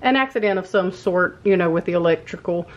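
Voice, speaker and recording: A woman's voice: fairly low pitch, fairly quick, lo-fi sound, a little hiss or hum. Lady vlogger rambling on, friendly, says y'all a lot, laughs here and there. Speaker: vlog host. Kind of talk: casual chatty voiceover and haul talk. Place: home.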